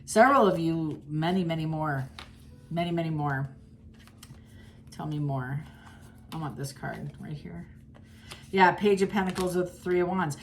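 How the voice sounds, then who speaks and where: A woman's voice: sits low, measured pace, long pauses, slight background noise. A woman giving a casual tarot reading straight to her viewers, chatty and blunt, often restarting her sentences. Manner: chatty and blunt, with frequent restarts and sudden laughs. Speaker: tarot reader.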